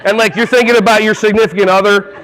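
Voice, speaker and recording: A man giving a lively, jokey talk at a conference hall on a wireless mic, often acting out little voices. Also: sits high, fast talker, slight background noise. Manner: playful, jokey, acts out voices. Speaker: conference speaker. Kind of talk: energetic live workshop talk.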